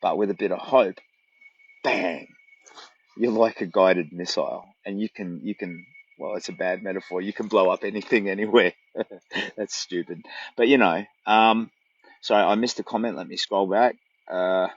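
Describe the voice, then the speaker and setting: A middle-aged Australian walking vlogger, his voice on the low side and slightly rough, talks at a normal speed. He rambles earnestly in a casual livestream from a tent in dense bush. The phone audio is muffled, with no echo.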